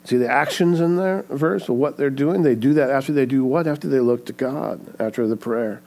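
A man's voice: mid-range voice, fairly quick, creaky, a little mellow. A man preaching a sermon in an earnest way, often checking in with "right?". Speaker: pastor.

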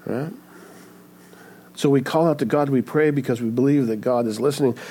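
Guy preaching a sermon, earnest, keeps asking right?, mid pitch. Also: moderate pace, warm tone. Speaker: pastor.

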